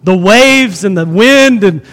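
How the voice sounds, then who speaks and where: High-voiced pastor preaching in a reverberant church. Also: male voice, animated, slow pace, fairly bright tone. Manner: dynamic preaching, repeats phrases for emphasis, asks the congregation questions. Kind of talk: sermon. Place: church sanctuary.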